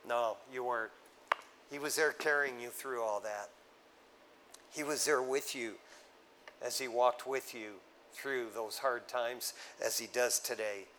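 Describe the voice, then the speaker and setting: A male pastor preaching a sermon in a casual, conversational way, often calling listeners "man" and swinging from loud exhortation down to low, hushed tones. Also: a little slow, a little hiss or hum, poor audio.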